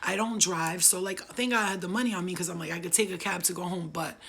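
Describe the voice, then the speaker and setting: A woman's voice: lowish voice, fairly even intonation, fast talker, creaky, fairly bright tone, slight background noise. A young woman from upstate New York telling a wild true story in a profane, laughing, streetwise way. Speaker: vlogger. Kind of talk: casual storytelling.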